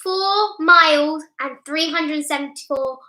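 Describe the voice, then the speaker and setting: A young woman helping run a family quiz, chatty and excitable, often cutting in. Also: sits high, a little slow. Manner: chatty, excitable, keeps interrupting. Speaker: quiz co-host. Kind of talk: casual chat. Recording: echoey room.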